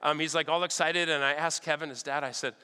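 High, bright-voiced man preaching with stories. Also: quick pace, clean tone. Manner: animated, checks in with "all right?" often. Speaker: pastor. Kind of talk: storytelling sermon. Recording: long hall reverb.

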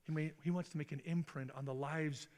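A middle-aged male pastor telling a story in a sermon, acting out the quoted voices with big jumps in pitch. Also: fairly even intonation, a little fast, darkish tone. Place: church sanctuary. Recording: long reverb in a large hall.

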